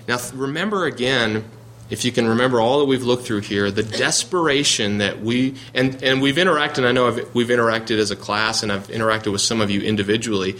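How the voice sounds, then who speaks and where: A man's voice: mid-range voice, fairly bright tone, a little hiss or hum. Earnest man teaching a Bible class. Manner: earnest, reads scripture aloud, restarts and searches for words.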